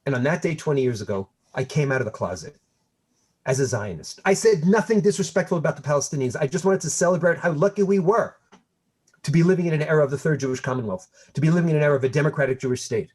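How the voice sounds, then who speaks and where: A man in his fifties from Montreal, a guest historian speaking in a conversational lecture with an animated, wry storytelling manner over a video call. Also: a little high, fast, slightly rough.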